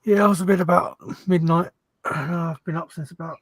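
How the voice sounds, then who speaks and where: Hesitant man, slightly high voice. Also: steady tone, moderate pace, husky, dry recording, poor audio. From England. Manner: hesitant, lots of ums, chatty. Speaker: guest on a livestream. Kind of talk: casual chat.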